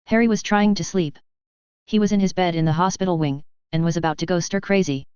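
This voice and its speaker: A woman reads a story aloud with a very clear, smooth voice pitched a little low. She keeps a steady, even storytelling pace. The recording sounds dry and slightly dull. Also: fairly quick, no room sound. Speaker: narrator. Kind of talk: audiobook reading of fan fiction.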